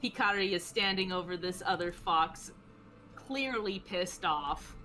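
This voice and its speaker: A woman game master narrating a tabletop game in a relaxed, giggly way with lots of fillers. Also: fairly low pitch, unhurried, faint music behind.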